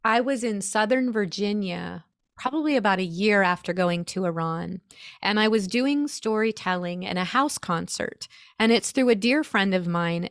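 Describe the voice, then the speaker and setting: An American woman, a storyteller, recounting a personal experience in an earnest, animated, emotional way. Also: lowish voice, dry recording, clean studio sound. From United States. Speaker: storyteller guest. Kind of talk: conversational storytelling.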